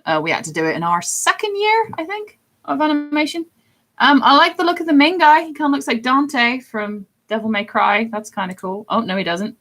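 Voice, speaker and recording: A young woman chatting casually on a live stream, giggly and self-deprecating, her pitch swinging widely as she answers viewers. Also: big pitch swings, brisk, few pauses, fairly bright tone.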